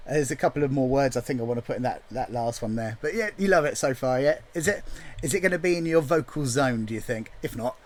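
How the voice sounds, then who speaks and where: A man's voice: mid-range voice, lively intonation, quick pace, soft background music. A man chatting casually as he writes a song, thinking aloud in a jokey, self-deprecating way. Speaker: songwriter. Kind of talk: casual chat while writing a song.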